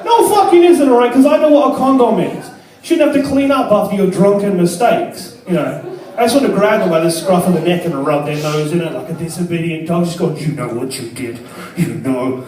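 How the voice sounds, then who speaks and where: A man's voice: high voice, fast. Crude young man doing stand-up. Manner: crude, self-deprecating, shouts punchlines. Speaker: stand-up comedian. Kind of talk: stand-up comedy set. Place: comedy club stage. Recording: echoey club from far off. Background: laughing crowd.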